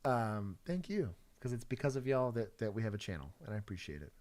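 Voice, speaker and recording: Texas-accented man, low and lively. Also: fairly quick. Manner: laid-back, laughs often, trails off softly. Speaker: co-host, former police officer. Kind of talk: casual livestream commentary.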